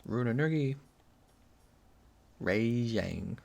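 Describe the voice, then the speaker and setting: A man's voice: mid-range voice, very slow, creaky. A young man live streaming a game, chatting casually and jokingly reading out his chat. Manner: joking, reads chat aloud, animated.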